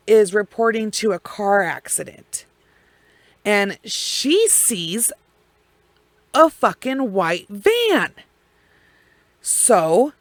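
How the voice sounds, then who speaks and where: A woman telling a true crime case in casual, blunt language full of swearing and heavy pauses. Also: mid-range voice, dry recording.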